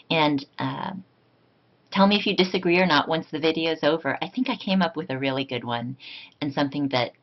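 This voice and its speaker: A woman's voice: low voice, muffled recording. A woman hosting a card-making tutorial, talking in a reflective, casual way with frequent ums. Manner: reflective, many ums, soft-spoken.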